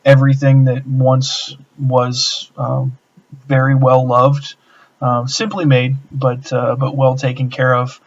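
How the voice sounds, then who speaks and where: A man narrates as game master at a slow, unhurried pace. His tone stays flat, full of ums and uhs. The sound is dull and lo-fi. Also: mid-range voice. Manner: relaxed, filler-heavy narration.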